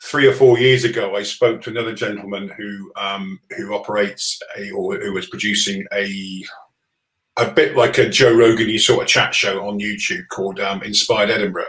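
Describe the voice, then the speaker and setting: A man who is a livestream guest, telling a story in a measured, hesitant way. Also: on the low side, steady tone, a bit bright, echoey room, rough recording. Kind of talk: casual livestream chat.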